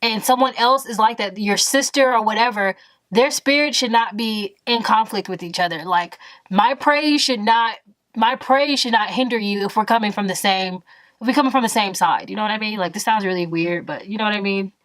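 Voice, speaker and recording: A woman in her twenties telling a story in a vlog, animated and emphatic, full of exasperation. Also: mid-range voice, brisk, dry recording. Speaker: vlogger.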